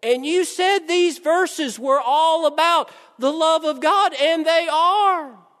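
A man's voice: extremely high pitch, slow, fairly bright tone, big-room sound, voice pushed up, heavily acted. A man voicing an eager, determined little girl who insists she has read the right verse. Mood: insistent. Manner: earnest, insistent.

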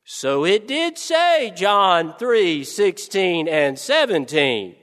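Slow, deliberate male preacher. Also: high voice, sing-song, a bit bright, big-room sound. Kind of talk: sermon storytelling.

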